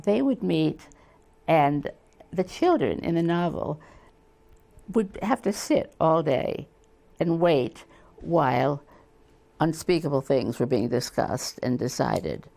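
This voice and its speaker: Low gravelly-voiced older woman novelist. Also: slow, pauses often. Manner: animated storyteller, acts out quoted voices. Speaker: novelist guest. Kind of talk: casual interview conversation.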